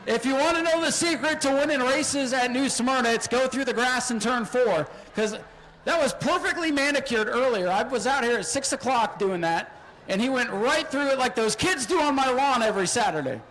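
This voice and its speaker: A man announcing a spectator race from the flag stand at an outdoor speedway, excitable and joking, often shouting. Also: very high-pitched, normal speed, low-quality recording. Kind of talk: live race commentary over PA.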